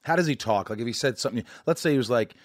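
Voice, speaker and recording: A man with a Southern Indiana accent hosts the chat and throws out teasing questions and jokes, swearing now and then. His voice is very lively and swings up and down. The sound is dry and close. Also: mid-range voice, rapid-fire, dry recording. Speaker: podcast host. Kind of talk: casual interview chat.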